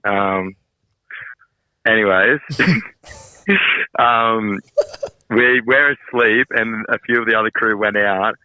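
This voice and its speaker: A young Australian man on a phone call, telling a story in an animated way, laughing and swearing freely. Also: fairly low pitch, slow, pauses often, dry recording. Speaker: podcast co-host calling in. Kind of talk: casual storytelling.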